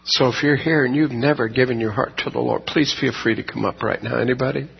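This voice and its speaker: An earnest pastor with a gravelly, deeply husky voice wraps up a service and leads a prayer. He talks in a folksy way and slows down hard on the lines he wants to land. The recording sounds dull and lo-fi. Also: long reverb tail. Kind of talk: sermon closing and prayer.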